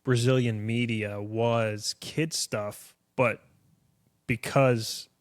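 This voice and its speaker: A man hosting a podcast in casual chat, relaxed, asking easy questions and agreeing often. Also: mid-range voice, very slow, dry recording, studio quality.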